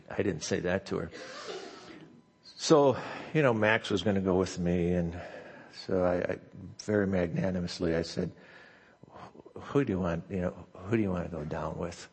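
Older pastor, gravelly voice in a hall. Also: male voice, sits low, moderate pace, long pauses, darkish tone. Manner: storytelling with many fillers and restarts. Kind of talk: sermon. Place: church sanctuary. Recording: long church hall reverb.

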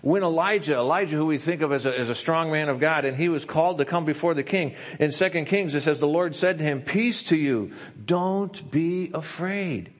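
A man with a slightly high voice preaches a sermon in a church. He slows down and drops to a softer tone whenever he reads scripture quotes. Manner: reads scripture quotes slowly and softly, asks if he talks too fast. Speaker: pastor.

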